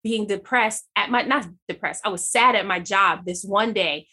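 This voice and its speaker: Husky, animated woman sharing her testimony. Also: medium pitch, moderate pace. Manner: animated storyteller who acts out her own dialogue. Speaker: guest. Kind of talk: personal faith testimony in conversation.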